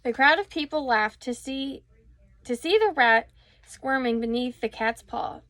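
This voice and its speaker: A woman reading a children's story aloud with expressive storytelling and a few small slips. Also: high-pitched, measured pace, no room sound.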